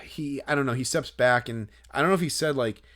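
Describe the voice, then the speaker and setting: A man co-hosting a podcast tells a story in casual conversation, rambling and hesitating with lots of fillers and restarts. His voice is medium in pitch, fairly bright in tone, and a little fast.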